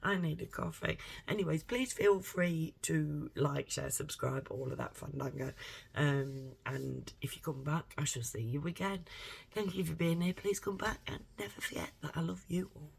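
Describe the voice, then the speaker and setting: A woman talks straight to her viewers in a loose, rambling rant. Her voice is gravelly with a husky, breathy edge. She is blunt, swears constantly and leans hard on every point. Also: deep voice, fairly even intonation, normal speed. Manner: blunt, heavily swearing, emphatic. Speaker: vlogger. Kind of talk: rambling opinion monologue to camera.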